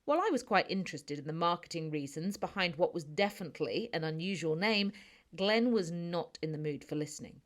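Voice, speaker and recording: A woman's voice: on the low side, animated, brisk. A woman with a British accent narrating a first-person audiobook in a chatty, snarky, conversational manner.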